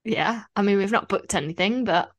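A woman's voice: mid-range voice, no echo, lo-fi sound. A young woman co-hosting a podcast, chatting casually in an easygoing, teasing way. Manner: easygoing, teasing, quick to laugh. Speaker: podcast co-host. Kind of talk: casual chat.

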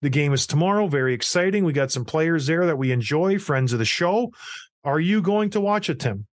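A man's voice: on the high side, brisk, dry recording. A man in his thirties hosting a casual hockey talk show, ranting and acting out the people in his stories. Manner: animated, ranting storyteller who acts out quotes. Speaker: podcast host, former hockey player.

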